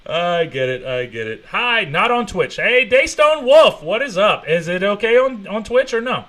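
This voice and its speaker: A man streams his reaction into a desk mic, talking casually and swearing freely. His voice sits high and bright, and he drifts from muttering into mocking, shouted bursts. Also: big pitch swings, normal speed. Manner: profane, mocking, with sudden loud outbursts. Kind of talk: live-stream reaction commentary.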